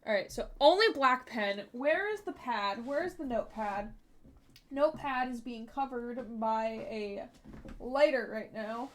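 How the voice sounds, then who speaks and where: A woman's voice: fairly high pitch, animated, measured pace. A young woman streaming live, chatting with viewers in a bubbly, giggly way at a desk microphone. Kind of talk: casual live-stream chat.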